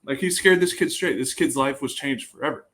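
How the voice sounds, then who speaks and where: A young man, a guest on a podcast, chatting casually and telling lively stories that often trail off and restart. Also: mid-range voice, fairly quick, rough recording. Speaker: guest, bullpen catcher.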